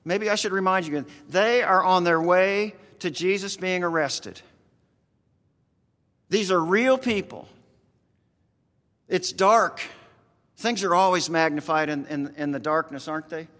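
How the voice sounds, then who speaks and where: Earnest folksy preacher, rural American accent. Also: male voice, high-pitched, measured pace, long pauses, fairly bright tone, long reverb tail. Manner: earnest, folksy, talks directly to the congregation. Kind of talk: conversational sermon.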